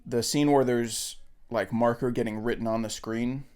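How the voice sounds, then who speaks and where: A man's voice: medium pitch, fairly even intonation, normal speed, darkish tone, clean tone. A man co-hosting a podcast, chatting casually and enthusiastically about a movie, with frequent fillers. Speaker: podcast co-host. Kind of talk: casual film chat.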